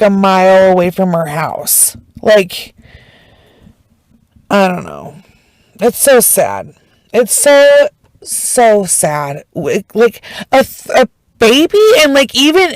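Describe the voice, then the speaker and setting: A woman recounts a true crime case in a casual storytime, emotional and emphatic and quick to swear. she talks slowly and lets the words land. the recording is dry, with no room sound. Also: medium pitch, no echo, low-quality recording.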